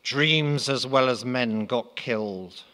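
A man with an English accent, an author reading his comic literary pastiche in a dry, deadpan narrating voice. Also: mid-range voice, slow pace, long reverb tail.

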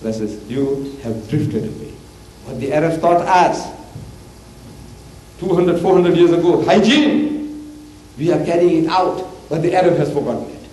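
An older man preaches in a roomy hall, his slightly high voice mellow and dark. He talks animatedly and forcefully, leaping upward in pitch to make his points. A faint tape hiss sits under the archival recording. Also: measured pace, pauses often. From South Africa. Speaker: preacher and debater. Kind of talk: impassioned public lecture.

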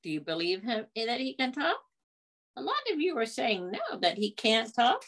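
A woman's voice: a little high, big pitch swings, normal speed, fairly bright tone, a little hiss or hum. A woman leading a children's library storytime, reading a picture book aloud in a coaxing sing-song way and asking the kids questions.

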